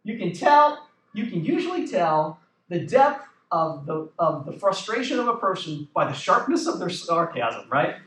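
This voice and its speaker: Pastor, male, very high voice, lively delivery; echoey church room, mic some distance off. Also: normal speed. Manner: conversational, checks in with the congregation. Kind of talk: sermon. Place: church sanctuary.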